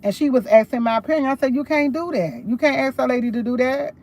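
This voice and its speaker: A woman's voice: high voice, expressive, fast talker, a little mellow. A woman livestreaming, retelling a conversation in a casual, emphatic way. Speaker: livestream host.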